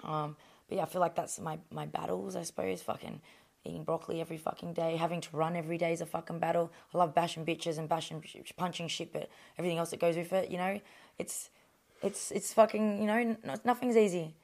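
An Australian woman in her thirties with a fairly low voice speaks candidly in an interview. Her talk is blunt and salty, full of swearing, fillers and quick restarts. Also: steady tone, creaky, darkish tone. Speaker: boxer, interview guest.

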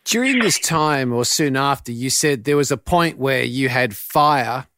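A man's voice: mid-range voice, lively intonation, unhurried, bright, forceful tone, a little hiss or hum. A man hosting a podcast interview, asking earnest, searching questions and often restarting them as he goes. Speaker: podcast host.

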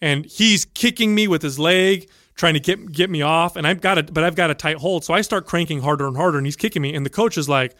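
A man telling a story in casual chat, animated and profane, acting out the voices of the people in it. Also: a little high, fast, hardly any pauses, dry recording, clean studio sound.

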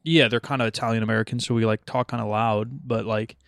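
A man's voice: on the low side, steady tone, fast, gravelly, fairly bright tone, no echo, studio quality. A young man from Portland hosting a podcast, talking casually and rambling with lots of swearing and laughs. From Portland, Oregon. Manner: profane, rambling, laughs often. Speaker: podcast host. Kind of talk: casual chat.

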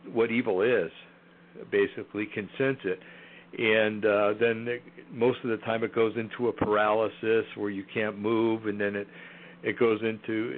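A man with a fairly low voice talks as a guest in a casual interview, pausing often with fillers and restarting his sentences. He comes through a tinny, phone-like line. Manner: hesitant, many fillers and restarts.

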